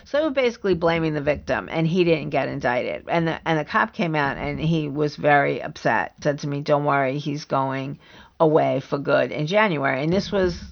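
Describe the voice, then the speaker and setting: A woman's voice: low voice, animated, moderate pace, gravelly, muffled recording. A middle-aged woman hosting a podcast, telling her own painful story candidly in long run-on sentences, from the northeastern United States. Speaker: podcast host. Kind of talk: personal storytelling.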